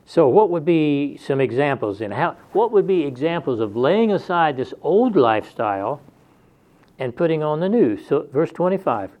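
Here a man with a rather high, sing-song voice speaks at normal speed. He reads scripture aloud and unpacks it plainly and conversationally in an expository sermon, captured on a dull lo-fi recording.

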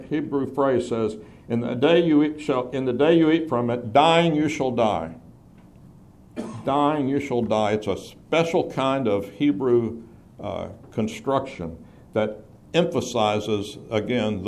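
A man teaching a Bible class, explaining scripture in a measured way and stressing key phrases. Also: mid-range voice, a little mellow.

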